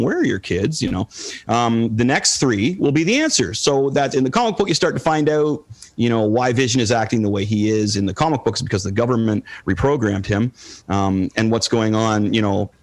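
Guy hosting a chatty podcast, talks fast, rambly, keeps restarting. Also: mid-range voice. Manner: animated, rambling with many restarts. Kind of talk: casual pop-culture chat.

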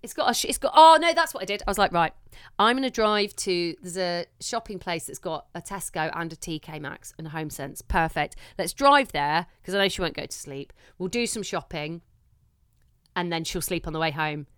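A woman's voice: on the low side, expressive, a little fast, smooth, no room sound, clean studio sound. A woman in her thirties, co-hosting a casual chat and telling everyday stories with casual swearing, acting out what she said to people. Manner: chatty storyteller who swears and acts out her own quotes. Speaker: podcast co-host.

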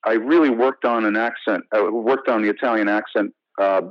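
An American actor being interviewed, telling stories in a casual, animated way with many restarts and "you know" fillers. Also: male voice, on the low side, moderate pace, dry recording, highs cut off. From United States. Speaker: actor guest.

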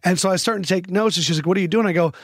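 Male podcast host, higher register, rambling anecdotal delivery, dry close studio sound. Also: rapid-fire, no echo. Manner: rambling storyteller who acts out quotes. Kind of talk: casual chat.

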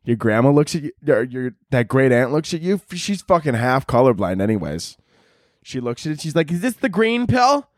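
A man's voice: mid-range voice, lively intonation, moderate pace, dry recording, studio quality. A young man hosting a podcast, delivering a crude, rambling comedic monologue and laughing at his own jokes. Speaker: podcast host.

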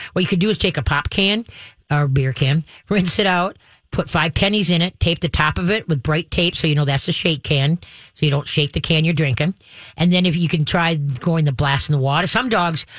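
A woman hosting a call-in show as a dog trainer, giving direct, step-by-step advice to a caller and acting out calm commands, often checking in with "okay?". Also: deep voice, no room sound, studio quality. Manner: frequent checks like "okay?" and "all right?".

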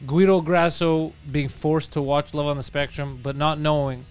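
A man hosting a casual comedy podcast, telling stories in a lively way and acting out other people's lines in shifting voices. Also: on the high side, moderate pace, smooth. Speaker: podcast host.

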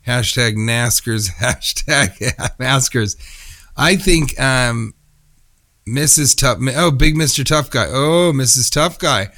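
A man's voice: mid-range voice, takes it slowly, bright, forceful tone, dry recording, clean studio sound. A man co-hosting a comedy podcast, reading listener messages and riffing with crude, playful jokes. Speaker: podcast co-host.

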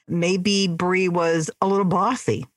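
A woman's voice: lowish voice, fairly even intonation, slow pace, no echo. A middle-aged woman, a mother, chatting casually on a podcast with her adult son, gushing and talkative. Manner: chatty, warm-hearted and gushing. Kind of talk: casual chat.

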